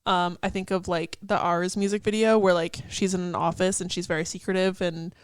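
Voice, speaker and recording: A woman's voice: fairly low pitch, level tone, fairly quick, clear, resonant tone, no echo. Chatty young woman full of fillers. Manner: chatty, many "like" fillers, laughs and swears. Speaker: podcast co-host. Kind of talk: casual chat analyzing song lyrics.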